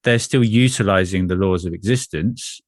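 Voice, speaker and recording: Male energy coach, deep voice, dry recording, earnest and measured. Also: dry recording. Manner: earnest, measured, repeats phrases. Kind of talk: spiritual conversation.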